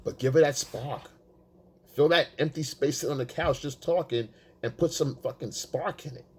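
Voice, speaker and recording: A man giving casual, profane dating advice, emphatic and blunt, acting out quotes in a high voice. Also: moderate pace, darkish tone, husky. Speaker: dating coach. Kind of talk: casual coaching monologue.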